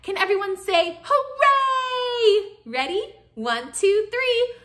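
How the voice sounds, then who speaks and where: A woman reading a picture book aloud to children, pausing to lead them in movements and cheering them on. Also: mid-range voice. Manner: animated, guiding children through movements. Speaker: children's storyteller.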